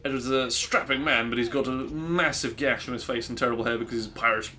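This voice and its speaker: A man's voice: medium pitch, fairly even intonation, quick pace, pushed and bright. A young man streaming a game, rambling and self-deprecating in casual commentary.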